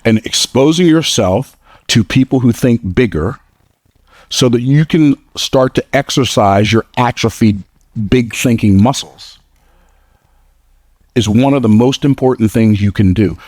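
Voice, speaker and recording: On a dry, studio-quality recording, a male motivational speaker tells jokey, high-energy stories to a live audience. Plain in his speech, he drives points home by repetition and voices quotes in a squeaky falsetto-like tone.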